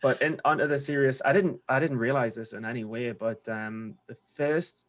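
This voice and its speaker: A man's voice: medium pitch, fairly even intonation, moderate pace. A man with a Geordie accent from England, talking through his trading habits in a loose, rambling way during a coaching conversation. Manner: rambling, restarts often, slangy. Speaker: trader being coached.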